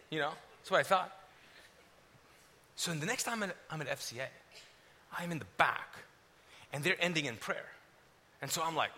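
Young man from Kuwait, high-pitched and very bright. He gives an animated live testimony with acted-out dialogue. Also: brisk, pauses often, a little hiss or hum. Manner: animated, acts out his own past dialogue, swings between loud and hushed. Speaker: speaker sharing a testimony. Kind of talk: storytelling testimony to a live audience. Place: stage before a crowd.

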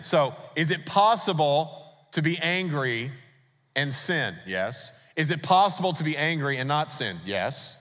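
A man's voice: on the high side, lively intonation, unhurried, fairly bright tone. A man preaching a sermon as pastor, emphatic and putting rhetorical questions to the congregation. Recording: long reverb of a large hall.

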